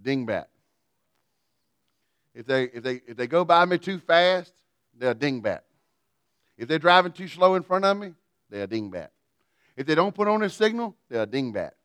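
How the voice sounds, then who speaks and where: Guy preaching, jokey and folksy, smooth voice, dry close sound. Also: on the high side, big pitch swings, moderate pace, long pauses, a bit bright, no echo. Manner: folksy, humorous storytelling preacher. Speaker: pastor. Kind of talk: sermon.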